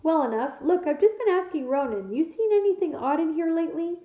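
A woman reading aloud, voicing a big, blunt male gamekeeper who talks in a rough dialect. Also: very high-pitched, animated, fairly quick, pitched above the performer's own voice. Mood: gruff. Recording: echoey room, tinny phone-like sound.

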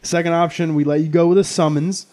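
A man's voice: a little high, steady tone, fast, darkish tone. Rambling, profane young man telling a story. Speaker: podcast co-host. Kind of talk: casual storytelling chat.

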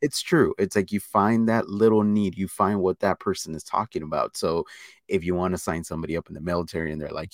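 A man's voice: sits low, a little fast, no echo, clean studio sound. A man guesting on a podcast, chatting casually and acting out little bits of dialogue as he tells stories. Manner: animated storyteller acting out dialogue; casual, many fillers and restarts. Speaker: podcast guest, watch channel creator. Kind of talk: casual interview chat.

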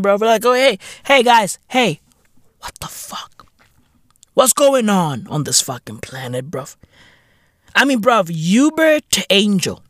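A podcast host, a man with British slang, rants in an animated, profane comic monologue. His pitch swings widely while he takes his time over each line. The sound is dry and close. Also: no room sound. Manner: animated, profane, slangy, laughing between lines. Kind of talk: comedic rant monologue.

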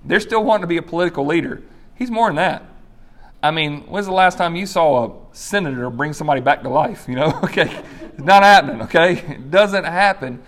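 Man, pastor, sermon, animated storytelling, acted-out quotes, slightly high voice. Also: brisk.

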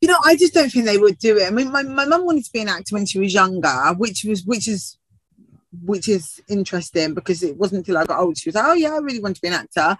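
A woman's voice: medium pitch, quick pace, slightly rough, dry recording, low-quality recording. Woman from the uk, tv presenter, chatty, laughs a lot, dry close mic. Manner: chatty, laughs often, many restarts. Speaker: TV presenter and actor. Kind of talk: casual interview chat.

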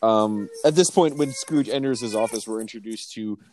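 A man's voice: fairly low pitch, moderate pace, darkish tone, slight background noise. A man co-hosting a casual podcast, joking and swearing as he talks a movie over from his notes. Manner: joking, profane, reads from notes. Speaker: podcast co-host. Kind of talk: casual movie-discussion chat.

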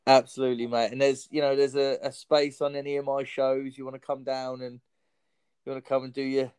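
A man's voice: medium pitch, completely flat delivery, fairly quick, a little mellow, clear, resonant tone. A man hosting a comedy podcast in casual chat, joking and laughing often.

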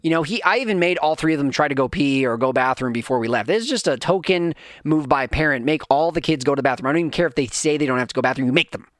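Man, storytelling dad, rambling, animated, slightly high voice, dry close sound. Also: rapid-fire, hardly any pauses, no echo. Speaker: parent telling a family story. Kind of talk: casual storytelling monologue.

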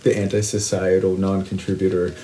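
A man's voice: sits low, flat delivery, a little fast. A man in casual chat, making wry and irreverent remarks. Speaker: podcast co-host. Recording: loud music under voice.

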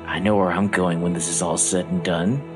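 A man voicing a calm male cultist prisoner at peace, speaking quietly and unhurried in a tabletop game. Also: low-pitched, over music, pitched below the performer's own voice, natural voice. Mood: serene.

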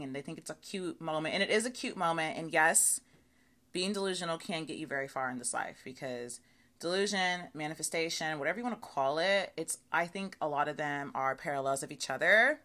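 Young woman doing a solo podcast, bright forward voice, kinda low, swears a lot, super chatty. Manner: chatty, animated, swears freely, says okay and y'all a lot. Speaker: podcast host. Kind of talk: casual solo podcast monologue.

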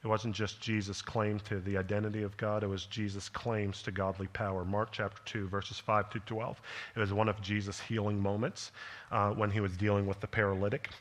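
A man's voice: on the low side, level tone, a little fast. A man, a pastor, preaching a sermon in a conversational way, tossing questions at the listeners and building to an emphatic delivery. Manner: conversational preaching with rhetorical check-ins.

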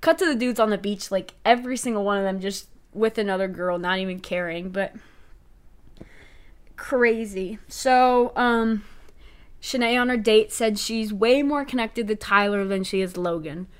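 A woman's voice: mid-range voice, moderate pace, clear, resonant tone. A young woman co-hosting a podcast, recapping a reality show in casual, chatty talk full of fillers. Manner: chatty, filler-heavy, animated retelling. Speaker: podcast co-host.

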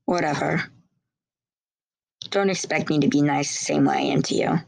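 A woman's voice: low voice, steady tone, moderate pace, creaky, no echo, voice pushed down, exaggerated voice. Woman voicing a cold, curt teen boy. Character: cold, guarded teenage boy, protective brother.

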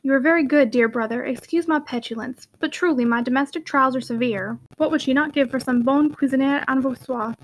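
A fussy, temperamental spinster from a storybook, as a woman reader puts her on. She speaks petulantly in a high, quick voice and slips in French phrases. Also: steady tone, slight background noise, close to an everyday voice, poor audio. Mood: apologetic.

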